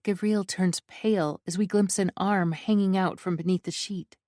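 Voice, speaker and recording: A woman narrating a first-person romance audiobook in an even, measured reading. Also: medium pitch, no room sound, studio quality.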